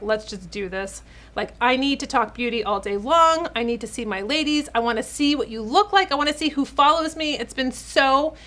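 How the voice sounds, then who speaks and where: Woman in her 40s doing a beauty vlog at home, kinda high voice, chatty and a bit teary, keeps saying ladies. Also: pushed and bright. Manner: chatty, emotional, addresses viewers as ladies. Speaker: beauty channel host, esthetician. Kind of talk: casual direct-to-camera vlog.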